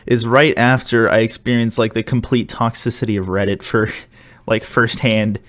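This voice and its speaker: A man's voice: medium pitch, fairly even intonation, normal speed. Young guy podcast cohost, rambly, laughs a lot, trips over his words. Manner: rambling, laughs often, stumbles and restarts. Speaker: podcast co-host. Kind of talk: casual chat.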